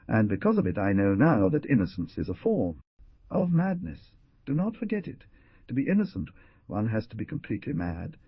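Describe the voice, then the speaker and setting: Man voicing a bitter raving young prisoner, husky voice, dry lo-fi audiobook recording. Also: fairly low pitch, dry recording, heavily acted. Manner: feverish, sarcastic ranting.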